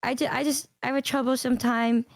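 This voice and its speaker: A young woman streamer in casual chat, talking hesitantly with halting restarts. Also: high-pitched, fairly even intonation, no echo.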